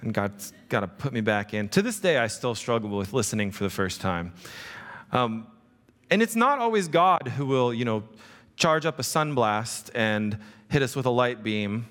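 A man's voice: mid-range voice, big pitch swings, normal speed, a bit bright. A male pastor preaching a casual, conversational sermon, often checking in with the congregation. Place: church sanctuary. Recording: long reverb of a hall.

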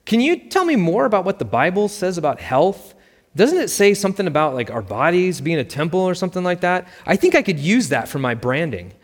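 A man voicing a self-absorbed, ambitious middle-aged mother who talks in a brisk, dismissive way. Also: sits high, sing-song. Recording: long reverb.

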